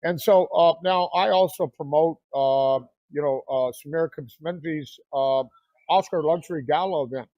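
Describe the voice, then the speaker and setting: A man's voice: fairly high pitch, normal speed, dry recording, muffled recording. A man hosting a talk show, chatting casually with a guest and rambling through promotions with many fillers. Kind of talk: casual interview chat.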